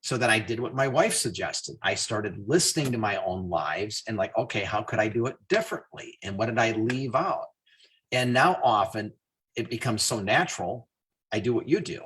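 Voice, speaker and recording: A man hosting a business call, telling stories in a casual, animated way. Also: on the low side, moderate pace. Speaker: host.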